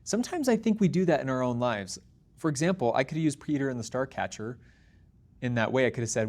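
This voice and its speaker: An earnest young man hosts his own show and talks straight to the camera. His voice sits at an ordinary middle pitch for a man, and he keeps an upbeat, encouraging tone as he talks to his viewers. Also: expressive, quick pace, a little mellow. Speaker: podcast host. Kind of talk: casual solo talk to camera.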